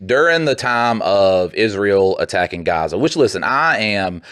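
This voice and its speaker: Profane ranting man, low and dry. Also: animated, fairly bright tone, dry recording. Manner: profane, rambling, heated, mimics people in quick bursts. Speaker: podcast co-host. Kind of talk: casual podcast chat.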